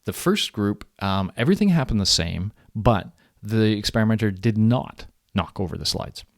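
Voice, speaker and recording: A man lecturing in a relaxed, conversational way, his voice sitting on the low side. The sound is close and dry, with no room around it. He stumbles and restarts as he explains. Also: moderate pace, dry recording. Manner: conversational, acts out quoted people animatedly. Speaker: university lecturer. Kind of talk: recorded lecture.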